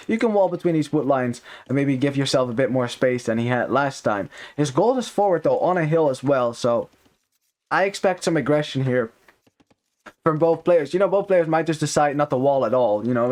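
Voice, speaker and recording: A man casting a strategy game match live, talking in a chatty, upbeat way with many fillers and quick self-corrections. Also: medium pitch. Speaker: esports caster.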